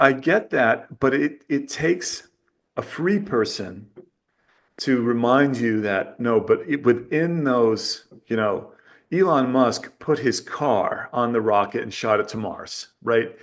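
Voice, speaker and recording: A man talks as a podcast guest, reasoning aloud in a casual way. He stops and starts, repeating words as he searches for the right phrasing. His voice sits at an ordinary middle pitch for a man. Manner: thoughtful, halting, repeats words while searching for his point. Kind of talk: casual conversation.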